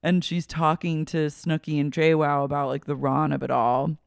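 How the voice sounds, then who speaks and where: A woman's voice: low voice, normal speed, vocal fry, clean tone, dry recording, clean studio sound. Woman animatedly recapping reality TV. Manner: animated, acts out quotes from the show with laughter. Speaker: podcast co-host. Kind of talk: casual recap chat.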